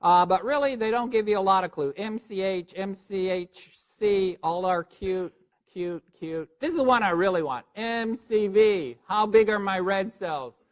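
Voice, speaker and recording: A man lecturing a board review class in a lively, joking way, quizzing his listeners as he goes. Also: high-pitched.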